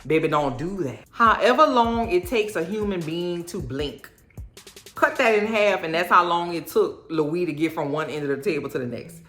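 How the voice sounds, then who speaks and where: A woman with a New Orleans accent gives a sassy, animated recap of a TV episode. Her voice sits low. She talks in an echoey room, with faint music behind her. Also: moderate pace. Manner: sassy, animated storytelling with playful impressions. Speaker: recap vlogger. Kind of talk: casual chatty TV recap.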